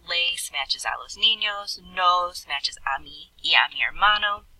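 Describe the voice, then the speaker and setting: A woman's voice: lowish voice, expressive, a little slow, pushed and bright, husky, no room sound, recorded from a distance, rough recording. A woman Spanish teacher explaining grammar patiently, step by step, in a recorded lesson. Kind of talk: recorded classroom lesson with screen writing.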